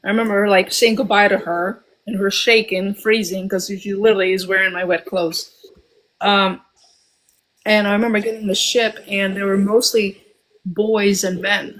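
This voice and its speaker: A woman in her forties from Albania, telling a personal story as a guest, reflective and often pausing with ums and restarts. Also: mid-range voice, flat delivery, a bit bright, rough recording.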